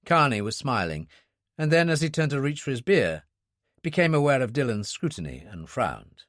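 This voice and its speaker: A male audiobook narrator reads a thriller in a steady, expressive way. His pitch sits in the middle and moves a lot. The recording is close and dry. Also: normal speed, dry recording. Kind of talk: scripted narration.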